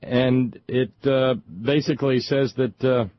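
A middle-aged man hosting a talk show, delivering an indignant, sarcastic political monologue with frequent halting repeats. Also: medium pitch, fairly even intonation, no room sound, muffled recording. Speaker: talk radio host.

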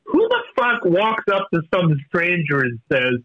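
A man calling in to a radio show, chatting in an excitable, profane way and laughing often. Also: high-pitched, unhurried, no echo, lo-fi sound. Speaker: caller. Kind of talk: call-in chat.

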